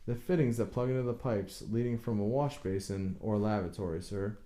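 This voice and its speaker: A man's voice: on the low side, fairly quick, warm tone, lightly acted. A man reading a stubborn, proud boat builder. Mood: insistent. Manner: insistent, plain-spoken, deferential to authority. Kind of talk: audiobook character reading.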